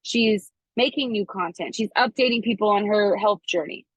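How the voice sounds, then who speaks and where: A woman giving a chatty, animated motivational talk to her team, acting out quoted dialogue. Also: mid-range voice, moderate pace, husky, no echo, rough recording. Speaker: network marketing team leader speaking to her team.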